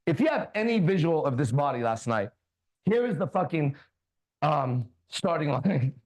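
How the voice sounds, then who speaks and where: A man hosting a casual talk show, animated, preachy and swearing freely. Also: on the high side, moderate pace. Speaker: podcast host. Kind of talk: casual chat.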